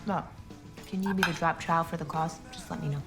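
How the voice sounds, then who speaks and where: Brief: laid-back hippie mom, lower voice, music under the scene. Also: female voice, fairly even intonation, a little fast, gravelly. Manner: breezy, encouraging. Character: free-spirited activist mom. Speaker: mother.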